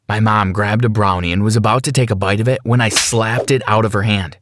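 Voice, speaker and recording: A man narrating a scripted first-person story for an animated channel, in an expressive, dramatic way. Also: lowish voice, fairly quick, hardly any pauses, no room sound, studio quality.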